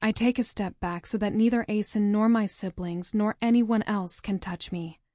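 A woman narrating a novel in the first person, with a measured, dramatic reading. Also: medium pitch, steady tone, mellow, no echo, clean studio sound. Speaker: audiobook narrator.

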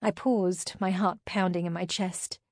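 Woman, first-person audiobook reader, steady intimate telling, dead dry sound. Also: fairly low pitch, measured pace, dry recording. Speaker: audiobook narrator.

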